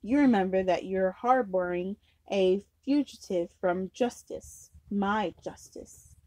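A woman voicing a brisk, authoritative male museum curator in a storybook reading, firm in tone. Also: medium pitch, darkish tone, no echo, lightly acted.

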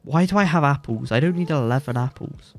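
A young man with a blocked nose, giving excitable, joking commentary while playing a game and yelping when surprised. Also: on the high side, fairly quick, a little hiss or hum. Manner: excitable, jokey boasting, yelps when surprised. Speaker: gaming YouTuber. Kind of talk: let's play commentary.

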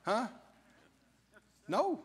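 A pastor preaching a lively sermon, mimicking whiny prayers and laughing along with the congregation. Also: male voice, very slow, big-room sound. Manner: animated preaching, acts out whining prayers, laughs often. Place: church sanctuary.

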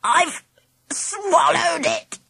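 A woman's voice: very high-pitched, huge pitch swings, moderate pace, pitched above the performer's own voice, heavily acted. A woman reading an audiobook and voicing a sly, spiteful schoolgirl who hisses her lines. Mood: croaking. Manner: hissing, sly and mocking.

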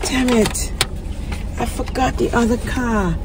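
A woman vlogger chatting casually and excitedly straight to her viewers. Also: a little high, slow, noisy background. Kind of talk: casual vlog chat to viewers.

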